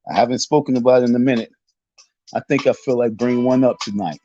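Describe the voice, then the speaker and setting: Over soft background music, a drunk-ish man from Southside Jamaica, Queens, rants off the cuff at rivals on his livestream, heavy on street slang. He talks fast in a warm, medium-pitched voice with fairly even intonation, through dull lo-fi audio.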